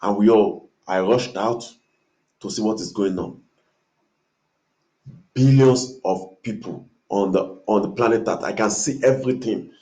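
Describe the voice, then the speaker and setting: Lowish-voiced man recounting a vivid dream. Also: a little slow, long pauses. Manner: animated retelling, imitating trumpet blasts, repeating phrases for emphasis. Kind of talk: dramatic storytelling of a dream.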